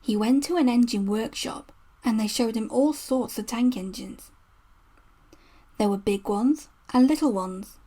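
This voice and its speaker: A woman narrating a children's storybook in a gentle read-aloud manner. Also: fairly high pitch, unhurried. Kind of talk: storybook reading.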